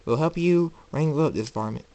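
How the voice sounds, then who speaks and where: A man's voice: a little high, a little fast, dark tone, voice pushed up, natural voice. A man voicing a loyal cowgirl pony with a folksy country drawl. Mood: determined.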